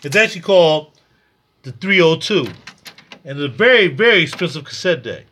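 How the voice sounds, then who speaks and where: Man, high voice, loose and jokey, vlogging a tour of his home studio gear. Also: expressive, fairly quick, bright, forceful tone, breathy edge. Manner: loose, joking, rambling, addresses viewers as y'all. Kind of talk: casual vlog tour.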